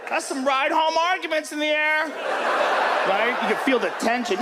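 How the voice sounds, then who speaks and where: A man's voice: very high voice, animated, moderate pace, long reverb tail, a loud crowd, very noisy. A man doing stand-up who teases the audience and acts out a bickering couple. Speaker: stand-up comedian. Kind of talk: stand-up routine.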